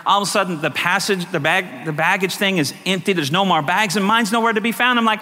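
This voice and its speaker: A man's voice: high voice, fast talker, few pauses, bright, forceful tone. A man preaching a sermon as pastor in a church, often calling out for an amen. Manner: preaching with repeated call-outs for amen. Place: church sanctuary. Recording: echoey church hall.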